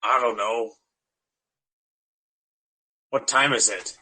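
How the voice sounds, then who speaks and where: A man playing a tabletop game, laid-back and joking, with a husky voice. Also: medium pitch, steady tone, slow pace, pushed and bright. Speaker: player. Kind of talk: casual tabletop play.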